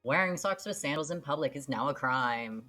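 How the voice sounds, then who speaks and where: A woman's voice: rumbling low, animated, moderate pace, pushed and bright, faint music behind, exaggerated voice. A woman putting on a formal newscaster voice while reading game news articles aloud. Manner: formal newsreader delivery. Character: smooth adult female TV newscaster.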